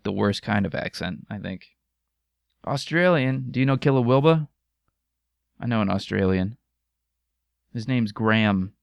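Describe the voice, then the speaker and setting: Young American man, podcast host, wry self-deprecating humor, gravelly voice, dry close mic. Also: fairly low pitch, dry recording. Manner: self-mocking, joking, laughs often. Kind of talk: casual solo podcast chat. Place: home room with microphones. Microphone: studio microphone.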